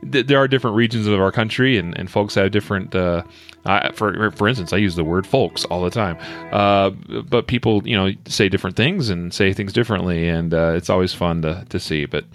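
Man, podcast host, folksy rambling talk, low voice, faint music behind. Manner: folksy, rambling with many fillers and restarts. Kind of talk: casual podcast chat.

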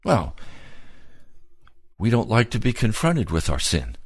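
Guy preaching a sermon, slow and emphatic, dry close sound, goes low and grave then rises urgent. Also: wildly swooping pitch, husky, dry recording. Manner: earnest, emphatic, repeats key phrases; swings between low, grave passages and raised, urgent ones.

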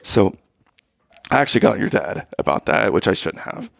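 Gravelly, lively man telling a story. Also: low-pitched, normal speed, no room sound, clean studio sound. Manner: animated, keeps checking in with "okay?" and "right?"; acts out quoted lines in raised voice. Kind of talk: casual chat, storytelling.

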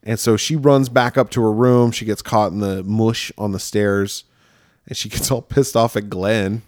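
A man co-hosting a podcast, casually recapping a film and acting out characters in high falsetto voices. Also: steady tone, moderate pace, darkish tone, no echo, studio quality. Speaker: podcast co-host.

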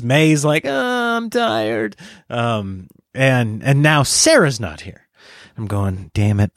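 A middle-aged man telling a casual anecdote, acting out other people's lines in high, jokey voices. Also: dry recording, studio quality. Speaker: storyteller.

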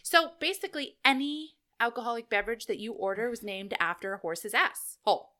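Woman, podcast co-host, bright voice, giggly, jokey, casual chat. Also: on the high side, a little fast. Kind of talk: casual chat and reading a list.

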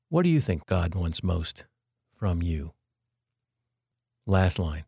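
A man with a fairly low voice talks as the host of a devotional podcast. He sounds earnest and measured, reflecting on each point. The sound is dry and close, with no room echo. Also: big pitch swings, vocal fry, a little mellow, husky.

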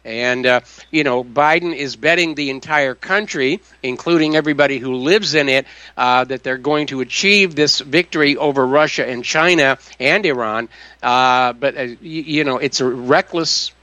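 A man hosting a call-in radio talk show, speaking haltingly with many fillers and firm opinions. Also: medium pitch, pushed and bright, dry recording.

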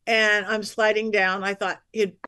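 A woman, a psychic medium guest on a podcast, telling stories in a lively, chatty way and acting out the voices of the people in them. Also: mid-range voice, a little slow, dry recording, clean studio sound. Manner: lively, acts out quoted voices, chatty asides. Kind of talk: animated storytelling on a podcast.

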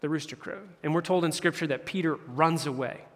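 With a slightly high voice and fairly quick delivery, this man gives a casual campus sermon, putting scripture into slang and briefly acting out its characters. The sound carries hall reverb.

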